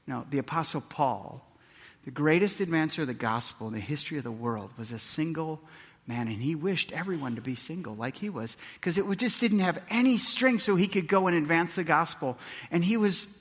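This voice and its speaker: A pastor from Milwaukee preaching a sermon in a church, moving from quiet earnest tones to loud, excited storytelling. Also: male voice, a little high, breathy edge. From Milwaukee, Wisconsin. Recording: reverberant church hall.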